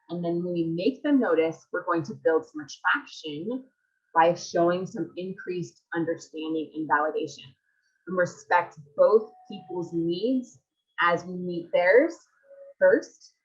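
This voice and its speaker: Low-voiced woman coaching on a webinar. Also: lo-fi sound. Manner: reads audience comments, asks rhetorical questions. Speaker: marriage coach. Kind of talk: live webinar presentation.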